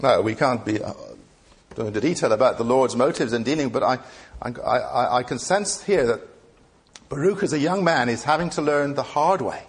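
A man's voice: medium pitch, moderate pace. A man preaching a sermon in an earnest way, asking the listeners many rhetorical questions.

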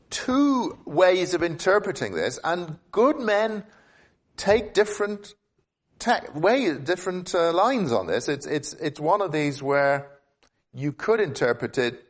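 A man preaching an expository sermon, earnest, often restarting and repeating words as he thinks aloud, with sudden upward jumps of pitch for emphasis. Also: animated, takes it slowly.

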